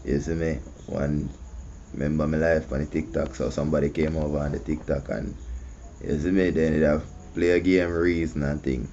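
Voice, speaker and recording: A man's voice: very deep voice, fairly even intonation, moderate pace, dark tone, a little hiss or hum. A man with a Jamaican accent hosting casual commentary, often asking "you see me". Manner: conversational, repeats "you see me". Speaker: host. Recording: muffled lo-fi audio.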